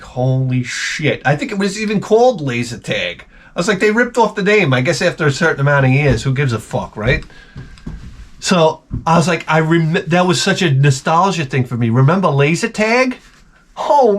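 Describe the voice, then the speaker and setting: Profane rambling man with a lively voice. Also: a little high, normal speed. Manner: profane, rambling, slips into mock voices for jokes. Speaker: vlogger opening packages. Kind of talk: crude comedic rambling vlog.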